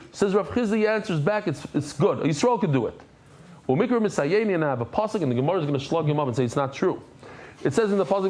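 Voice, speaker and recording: A man teaching a daily Talmud class. He is animated, repeats phrases, stops to explain Hebrew and Aramaic terms in English, and throws in joking asides to the class. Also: a little high.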